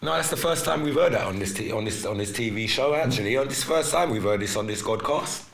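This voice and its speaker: A man hosting a live podcast in casual chat, animated and teasing, laughing often and slipping into patois. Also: mid-range voice, fast talker, vocal fry, a little hiss or hum. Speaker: podcast host. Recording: echoey room with faint music.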